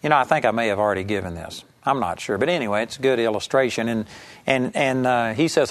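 A man's voice: medium pitch, quick pace. A man preaching an earnest sermon, teaching from scripture and telling a story to make his point. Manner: earnest, emphatic Bible teaching with anecdotes.

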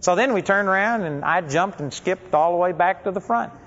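A man's voice: high voice, fairly quick, fairly bright tone. A man preaching a sermon, telling stories in a conversational, folksy way. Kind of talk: storytelling sermon. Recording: dull lo-fi recording with long hall reverb.

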